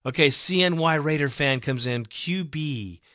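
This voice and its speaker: A man's voice: on the high side, unhurried, sharp tone, no room sound, studio quality. Fired-up man ranting on a fan podcast. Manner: emotional, ranting, swears freely. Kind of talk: casual fan podcast monologue.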